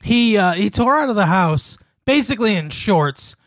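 A man's voice: sits high, animated, moderate pace, no echo, studio quality. A man co-hosting a podcast, telling stories in casual chat, laughing often and using many fillers. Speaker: podcast co-host.

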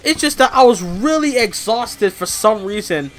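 A man's voice: high voice, normal speed. A man giving a casual wrestling review, rambling and swearing and ranting with energy. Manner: rambling, profane, animated ranting.

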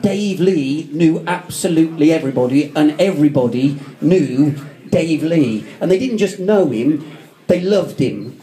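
Fairly high in pitch yet dark in tone, his voice is caught by an audience member's phone camera. Addressing a theatre-foyer crowd at a memorial, he keeps things chatty and joking, poking fun at himself.

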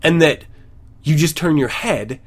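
A man's voice: a little high, measured pace. A man hosting a podcast at home, reading news stories aloud and breaking off into sarcastic, ranting asides. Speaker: podcast host.

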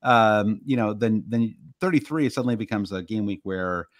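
A man's voice: fairly low pitch, normal speed, no echo, studio quality. A man with a Midwestern American accent, co-hosting a casual podcast chat and rambling through many fillers and restarts. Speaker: podcast co-host.

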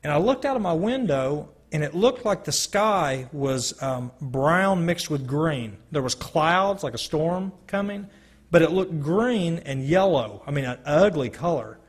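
A man with a slightly high, husky voice tells his testimony to a gathered audience. He speaks slowly and earnestly, pausing to let each moment sink in. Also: expressive. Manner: slow, earnest storytelling with dramatic pauses. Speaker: speaker giving a personal testimony. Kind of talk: spoken testimony to a live audience.

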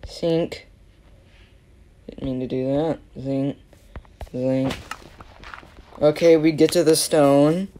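A woman with a low, deep voice gives offhand commentary on her game in a slow, easy rhythm. She teases and mocks herself, tossing in silly sound words along the way, over a faint hiss in the background. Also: fairly even intonation, warm tone. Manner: playful and self-mocking, with silly sound words. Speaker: gaming video creator.

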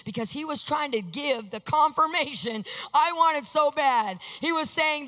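A woman preaching a sermon, telling a personal story and acting out her own reactions with animated energy. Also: sits high, measured pace, few pauses. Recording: long hall reverb.

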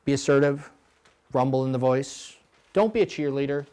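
A middle-aged man coaching coxswains at a clinic, blunt and animated, now and then mimicking rowers in a high voice. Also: moderate pace. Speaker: rowing coach.

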